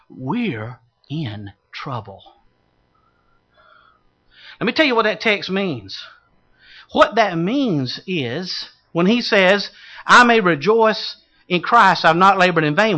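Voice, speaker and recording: A man preaching a sermon, swinging from loud calls to hushed low asides. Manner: dramatic shifts from shouting to hushed low tones.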